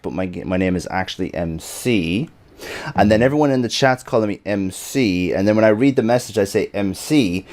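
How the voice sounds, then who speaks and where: A man with an Irish accent hosting a casual podcast over a call, laughing often and teasing his guests. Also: on the low side. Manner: laughs often, teasing, asks rambling questions. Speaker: podcast host. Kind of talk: casual chat.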